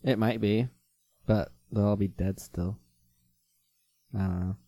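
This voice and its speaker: A man's voice: lowish voice, fairly even intonation, slow, mellow. A man co-hosting a podcast in casual chat, answering in brief, matter-of-fact replies. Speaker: podcast co-host.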